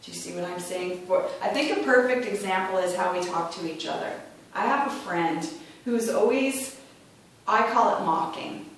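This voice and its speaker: A woman's voice: lowish voice, slight background noise. A middle-aged woman giving a prepared speech to a club, chatty, acting out voices when she quotes people. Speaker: club speaker. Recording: echoey room from far off.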